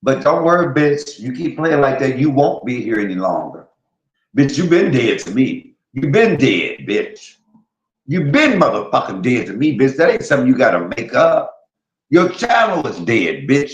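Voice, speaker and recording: A man's voice: mid-range voice, big pitch swings, normal speed, reverberant, rough recording. A man hosting a stream, delivering a vulgar roast rant full of repeated taunts and insults. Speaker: streamer host.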